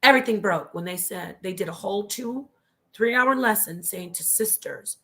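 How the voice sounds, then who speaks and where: A woman speaking as a guest on a talk show, with a bright, forceful voice. She is passionate and preachy. She drops into a whisper to drive a point home. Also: mid-range voice, moderate pace. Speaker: guest, former member of a religious group. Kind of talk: emphatic talk-show storytelling.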